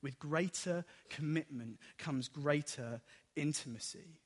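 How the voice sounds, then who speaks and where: A man preaches a sermon and acts out the story as he tells it. His voice sits a little high, and it rings with the long reverb of a large hall. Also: takes it slowly, husky. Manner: animated storytelling, acts out dialogue.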